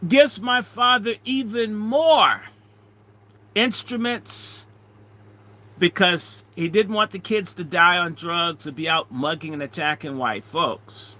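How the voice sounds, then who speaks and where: A middle-aged man, a minister, telling a story in an animated way, swinging between loud and hushed. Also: high-pitched, slow pace. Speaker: minister and speaker. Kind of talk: storytelling talk.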